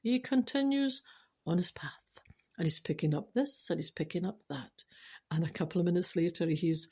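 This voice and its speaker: A woman's voice: on the low side, moderate pace, warm tone, husky. Scottish woman, casual joke teller, dry wit, chatty and informal. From Scotland. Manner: chatty, dry wit, restarts and laughs at herself. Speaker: storyteller and speaker.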